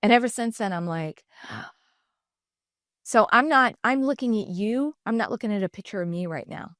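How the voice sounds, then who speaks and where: A woman's voice: medium pitch, fairly quick, no room sound, clean studio sound. A middle-aged woman, a guest on a podcast, telling personal stories candidly and animatedly, slipping into other voices when she quotes people. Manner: animated, acts out quoted dialogue in shifting voices. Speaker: podcast guest, designer and entrepreneur. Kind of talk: candid conversational storytelling.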